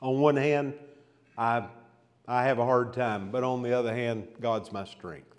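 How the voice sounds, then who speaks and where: A man's voice: medium pitch, steady tone, unhurried, big-room sound. A man teaching an expository Bible lesson to a men's class, reading scripture aloud with building emphasis and checking in with questions. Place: church hall.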